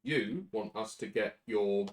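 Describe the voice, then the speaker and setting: A man's voice: on the low side, slow. A man playing a tabletop game, chatting in a laid-back way. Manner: laid-back, chatty, uses British slang. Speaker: player. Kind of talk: casual tabletop play.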